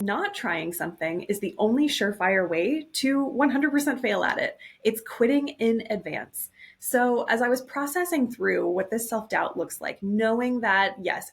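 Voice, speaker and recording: Reflective woman hosting a solo podcast. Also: medium pitch. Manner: reflective, earnest and gently upbeat. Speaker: podcast host and coach.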